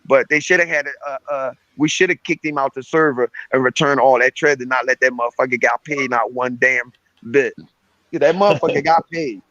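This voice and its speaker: A man co-hosting a casual podcast, telling a gaming story in a lively rush of crude slang and repeated phrases. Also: medium pitch, a little fast, no echo, dull audio. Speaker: podcast co-host.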